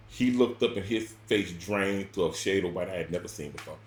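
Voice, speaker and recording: A man telling a personal story in casual spoken style, rambling and repeating words, with sudden loud bursts and quiet drops. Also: lowish voice, a little fast, few pauses, roomy sound, a little hiss or hum.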